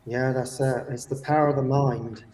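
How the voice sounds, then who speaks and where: A man leading retreats, telling stories in an animated way, acting out the people he quotes and often tagging lines with "yeah?". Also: mid-range voice, normal speed. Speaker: retreat leader and guest. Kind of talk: casual storytelling. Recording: voice distant from the mic.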